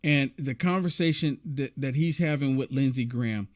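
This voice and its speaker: A man's voice: mid-range voice, normal speed. A man hosting a political commentary show, reacting to clips in a rambling, repetitive, indignant rant.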